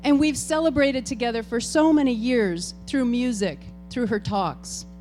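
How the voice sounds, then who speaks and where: A woman's voice: fairly high pitch, measured pace, a little mellow, soft background music. A woman serving as board president, hosting a farewell tribute and talking to the congregation in a chatty, informal way. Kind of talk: ceremony address to a congregation. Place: church hall with an audience.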